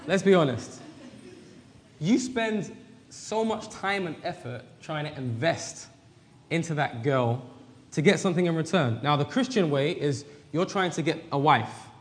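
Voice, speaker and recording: A man co-hosting a faith-based relationship talk, frank and speaking straight to the men listening. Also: fairly high pitch. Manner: frank, addresses men directly. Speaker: co-host. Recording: reverberant hall.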